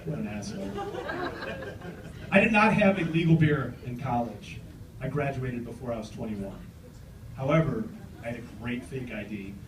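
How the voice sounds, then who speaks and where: A man in his forties doing a stand-up set on a club stage, brash, with loud punchlines and banter with the crowd. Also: medium pitch, expressive, normal speed, long pauses, distant mic, noisy background. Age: 40s. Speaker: stand-up comedian. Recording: roomy club with crowd laughter. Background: audience laughing.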